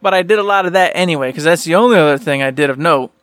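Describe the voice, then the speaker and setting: A man's voice: a little high, rapid-fire, fairly bright tone, no echo, studio quality. A man co-hosting a casual podcast chat, telling easygoing, chatty stories. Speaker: podcast co-host.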